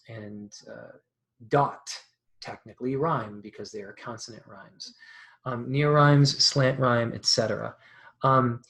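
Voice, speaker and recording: A man teaches a poetry class in an easygoing way. He talks loosely, with plenty of ums, false starts and trailing phrases. His voice sits at an ordinary middle pitch. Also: creaky, fairly bright tone, rough recording. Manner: many ums and restarts, loose conversational delivery. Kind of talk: recorded lecture.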